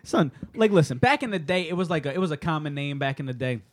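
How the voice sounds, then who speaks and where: A man co-hosting a casual podcast, rambling through stories with plenty of swearing and laughter. His voice sits a bit high, recorded dry and close. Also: lively intonation, quick pace, dry recording. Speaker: podcast co-host. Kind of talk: casual banter.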